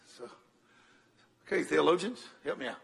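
An older man preaching a sermon, telling a story dramatically and swinging from loud bursts to hushed tones. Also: fairly high pitch, lively intonation, moderate pace, gravelly, breathy edge.

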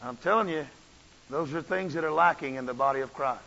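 A man's voice: on the high side, a little fast, vocal fry, bright, forceful tone. Fervent preacher man, echoing hall. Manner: impassioned, repetitive preaching cadence. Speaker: pastor. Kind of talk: sermon. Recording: dull audio with long church reverb.

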